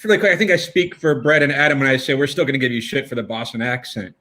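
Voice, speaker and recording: A man's voice: mid-range voice, expressive, very fast, pushed and bright, a little hiss or hum. A man co-hosting a casual chat with dry wisecracks. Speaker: co-host.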